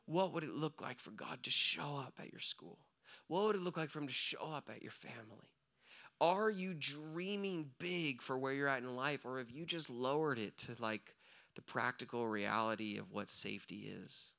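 A young adult man preaching a sermon as a pastor, talking conversationally with frequent "right?" and "like", swinging from hushed asides to fervent storytelling. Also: medium pitch, moderate pace, gravelly.

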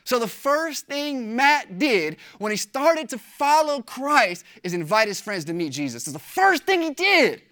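A pastor preaches with lively, emphatic energy. The talk stays casual and slangy, and the pitch swings up high to stress key words. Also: unhurried, few pauses. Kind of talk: sermon.

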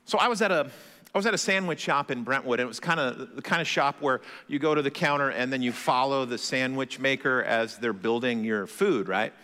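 A man preaching a sermon as pastor, telling stories in a conversational, animated way with self-deprecating humor. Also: medium pitch, fairly quick. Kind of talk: sermon with storytelling. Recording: long hall reverb.

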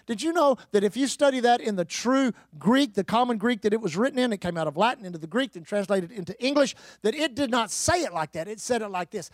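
A man's voice: very high-pitched, lively intonation, fairly quick, hardly any pauses, no echo, studio quality. A middle-aged man, preaching a sermon with emphatic rises, repeated phrases and calls to the congregation. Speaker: pastor.

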